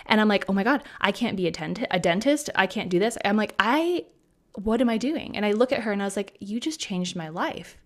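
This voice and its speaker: A woman, a hairstylist guest, telling a story in a casual chat, acting out quoted lines with lively shifts of voice. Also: medium pitch, quick pace. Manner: animated, acts out quotes in bright voices.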